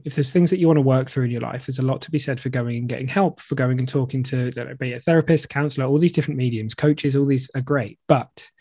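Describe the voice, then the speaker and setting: A man talks casually and reflectively on a podcast at a middle pitch. His phrasing is loose and thoughtful. The recording is dry, with no room sound. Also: a little mellow, no echo. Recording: dry close mic.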